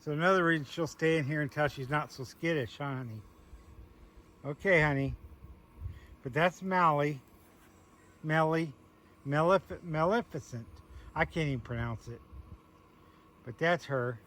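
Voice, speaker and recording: A man's voice: a little high, normal speed, pauses often, fairly bright tone. A man walking around his small farm outdoors, chatting casually and talking sweetly to his goats. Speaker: homesteader showing his animals. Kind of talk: casual farm walkthrough vlog.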